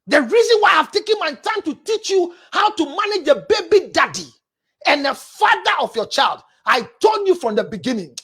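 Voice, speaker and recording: A woman with a Ghanaian accent, a counselor preaching relationship advice, forceful and scolding, often raising her voice. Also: very high-pitched, very animated, moderate pace.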